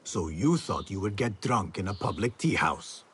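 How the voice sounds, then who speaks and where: An actor playing a calm, stern assassin hero in a video game, measured in speech. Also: male voice, lowish voice, breathy edge, heavily acted. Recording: game audio with faint ambience.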